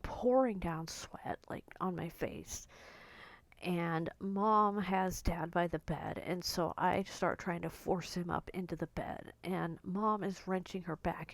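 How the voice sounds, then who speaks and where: Woman telling a rough family story, emotional, keeps restarting, dry close sound. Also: mid-range voice, no room sound. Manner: emotional, halting retelling with frequent restarts. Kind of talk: personal storytelling monologue.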